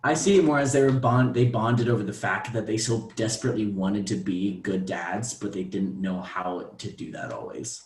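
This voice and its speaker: Young male co-host, low voice, thoughtful and hesitant, in a roomy space. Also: moderate pace, hardly any pauses, a little hiss or hum. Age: young adult. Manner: thoughtful, many ums and restarts. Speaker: podcast co-host. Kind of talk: casual movie discussion. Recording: roomy echo.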